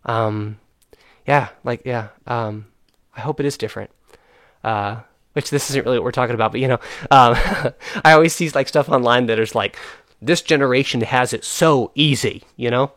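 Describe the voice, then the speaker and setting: Brief: young adult male host, earnest and frustrated, halting with fillers, dry close recording. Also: mid-range voice, a bit bright, dry recording. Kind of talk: casual chat.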